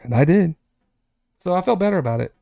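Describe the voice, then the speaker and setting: Man rambling through a dark-toned anecdote. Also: high voice, fast talker, gravelly, no room sound, highs cut off. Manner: rambling, self-correcting anecdotes with animated asides. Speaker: podcast host. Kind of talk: casual storytelling chat.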